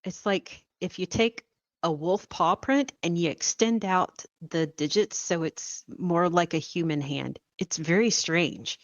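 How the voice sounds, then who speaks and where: A woman's voice: on the low side, measured pace, dry recording, lo-fi sound. Woman playing a puzzled frontier trapper.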